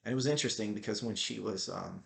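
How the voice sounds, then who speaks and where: A man's voice: on the low side, fast, vocal fry, echoey room. A middle-aged man telling a personal story in a casual, rambling way, with many fillers and restarts. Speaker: qigong teacher and vlogger.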